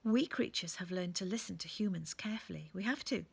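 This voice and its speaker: A woman's voice: mid-range voice, fairly quick, gravelly, darkish tone, slightly rough. A woman voicing Augustus, a wordy scholarly owl. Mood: genial. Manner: wordy, courteous, playful. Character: learned, chatty, polite male owl scholar.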